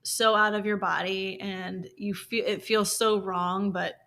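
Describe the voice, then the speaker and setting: A woman co-hosting a podcast in an open, heartfelt conversational style, with a bright, clear edge to her voice. She talks frankly and sometimes swears. "Like" keeps spilling into her sentences. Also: mid-range voice, steady tone, a little slow. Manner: emotional, open, heavy use of "like". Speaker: podcast co-host. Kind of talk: candid conversational podcast talk.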